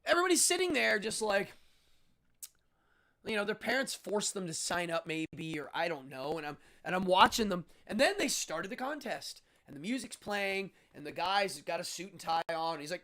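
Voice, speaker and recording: A man's voice: sits high, moderate pace. A middle-aged man from Pennsylvania hosting a livestream, casually telling a childhood story and acting out voices. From Altoona, Pennsylvania. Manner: animated, acts out other people's voices in quotes. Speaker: host.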